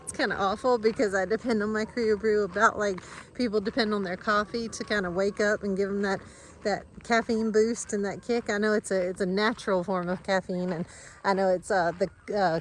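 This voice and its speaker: A woman talks to her vlog audience as she walks outdoors. Her voice sits at an ordinary pitch, and her speech rambles with fillers and restarts. Faint outdoor ambience runs beneath her. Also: a little hiss or hum. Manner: rambling, warm, talks to her animals and viewers. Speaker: vlogger on a family farm channel. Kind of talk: casual vlog chat. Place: outdoors on a rural driveway and yard.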